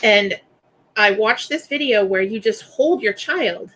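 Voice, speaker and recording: A woman's voice: medium pitch, expressive, unhurried, fairly bright tone, low-quality recording. A woman in her forties hosting a candid, casual conversation, often laughing and restarting mid-thought. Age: 40s. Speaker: host.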